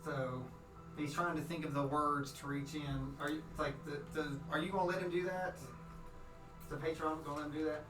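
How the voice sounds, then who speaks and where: A man runs a tabletop game as game master, narrating in a rambling way with many restarts. His voice sits a bit high for a man. The sound is echoey and distant, with clear music behind it. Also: fairly even intonation, normal speed. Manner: rambling, full of restarts and fillers. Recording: roomy, from far off.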